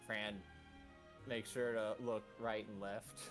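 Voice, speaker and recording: A man playing in a tabletop role-play, narrating his character's actions in a halting way. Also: lowish voice, level tone, music in the background.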